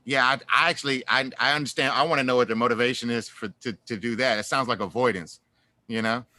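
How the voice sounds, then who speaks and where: A man speaks as a guest in a relaxed interview, winding through his stories with many fillers and restarts. His voice is bright and forceful, at an ordinary pitch for a man. The sound is dry, with no room echo. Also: quick pace. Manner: animated, laughs through stories. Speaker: guest musician. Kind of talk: casual interview chat.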